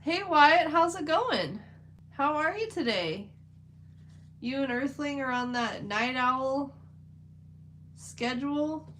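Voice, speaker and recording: A woman's voice: high voice, expressive, slow pace, long pauses, a bit bright, slight background noise, poor audio. A woman chatting casually on a livestream while she paints, rambling with lots of "like" fillers. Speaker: livestream host.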